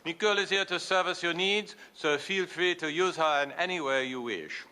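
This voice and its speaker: A man's voice: fairly high pitch, normal speed, bright, forceful tone, smooth. An actor playing a bumbling, pompous male French police inspector with an exaggerated comic French accent and mangled words. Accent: mock French.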